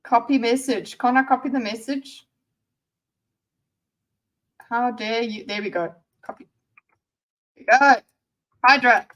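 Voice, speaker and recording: A woman's voice: fairly high pitch, unhurried, long pauses, a bit bright, low-quality recording. A woman in her thirties, a streamer giving sarcastic, teasing live reaction commentary. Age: 30s.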